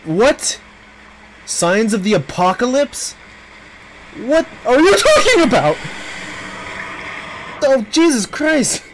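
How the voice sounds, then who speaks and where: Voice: sits high, sing-song, slow pace, long pauses, noisy background. A streamer giving casual let's play commentary on a horror game, panicking and swearing and laughing between scares. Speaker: gameplay streamer.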